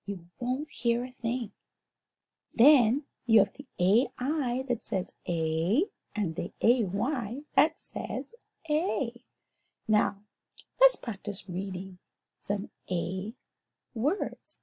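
A Bahamian woman teaching a phonics lesson to young children, sounding out words slowly and clearly in a sing-song way. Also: a little high, lively intonation, warm tone.

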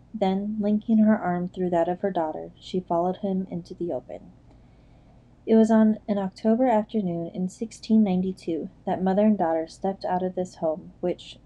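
Low, mellow-voiced woman narrator. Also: poor audio. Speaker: audiobook narrator. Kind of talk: scripted narration.

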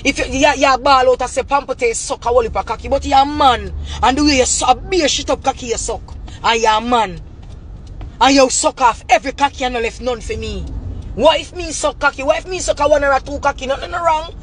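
Ranting Jamaican woman, high voice. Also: brisk. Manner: heated, profane, repetitive, breaks into shouting. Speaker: vlogger. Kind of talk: angry rant to camera.

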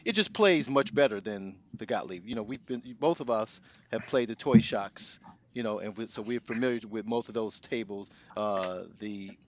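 A man's voice: on the low side, normal speed, a little hiss or hum. A man co-hosting a gaming podcast, rambling with many restarts and "you know"s. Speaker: podcast co-host. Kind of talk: casual podcast chat.

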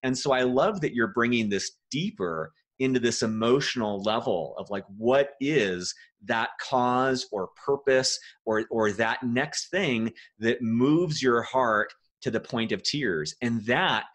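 A man's voice: medium pitch, unhurried, few pauses, fairly bright tone. A man hosting a podcast interview, speaking in a reflective, thoughtful way and often repeating words as he thinks. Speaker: podcast host.

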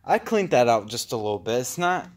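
A man's voice: mid-range voice, very animated, brisk. A young man vlogging as he explores a cold outdoor tunnel, rambling and out of breath, easily startled by sounds. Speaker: paranormal vlogger. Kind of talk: casual vlog exploring a tunnel.

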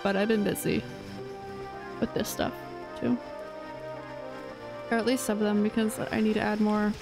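A woman's voice: medium pitch, flat delivery, moderate pace, music in the background, low-quality recording. Rambling woman streamer chatting. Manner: rambling, filler-heavy chat. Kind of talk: casual gameplay chat.

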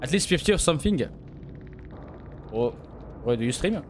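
A man's voice: a little high, lively intonation, moderate pace, a little hiss or hum. A man, streaming a game live and mockingly teasing his opponents.

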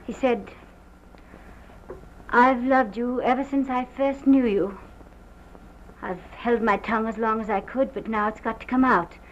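Actress playing a distraught wife in a scratchy early talkie. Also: female voice, fairly high pitch, steady tone, measured pace, long pauses, close to an everyday voice. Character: distraught young wife recounting a shooting. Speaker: actress in a 1929 film. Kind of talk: early sound film drama. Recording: dull lo-fi early film soundtrack with faint hiss.

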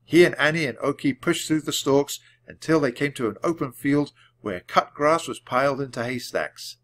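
A man reading a children's chapter book aloud, clearly and deliberately, for language learners. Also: medium pitch, fairly bright tone. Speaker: storybook reader. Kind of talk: storybook read-aloud.

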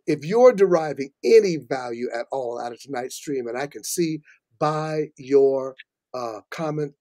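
A man's voice: a little high, warm tone, no room sound. Preacherly male host, dry close sound. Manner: folksy, preacherly, with many fillers. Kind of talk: live-stream talk show hosting.

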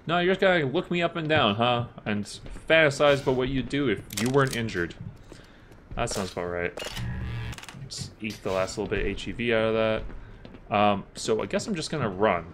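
A gaming channel host in a let's-play, this man has a mid-range voice that's animated, brisk and a bit bright. He jokes casually through his playthrough and talks back to the on-screen characters, with a little hiss or hum in the audio.

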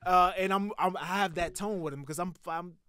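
A man in his thirties tells a story on a podcast, his voice pitched a little high and recorded dry and close. He talks with heat and swears freely, building the tale with animated energy. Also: fairly quick, smooth, no echo. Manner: profane, animated, heated storytelling. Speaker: podcast host telling a story. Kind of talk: casual storytelling.

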